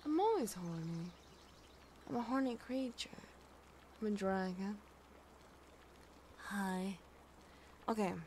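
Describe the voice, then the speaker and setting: A woman's voice: mid-range voice, lively intonation, slow pace, pauses often, darkish tone, a little hiss or hum. A woman streaming a game live, chatting casually, swearing freely and talking back to the game and her chat.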